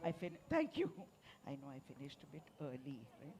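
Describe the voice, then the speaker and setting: A woman author leading a playful, interactive session with children at a festival, coaxing them with slow prompts. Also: low-pitched, very animated, noisy background. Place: festival venue.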